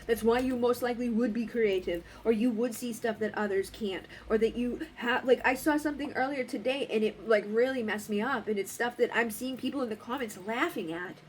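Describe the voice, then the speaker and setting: A woman's voice: fairly high pitch, a little fast, hardly any pauses, a little hiss or hum. A woman giving a casual oracle card reading, talking in a blunt, rambling way and swearing freely. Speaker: spiritual card reader.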